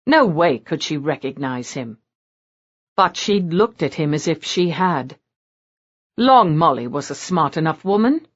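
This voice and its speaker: A woman narrating an audiobook in an expressive storytelling manner. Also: low voice, measured pace, slightly rough, lo-fi sound. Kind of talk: scripted narration.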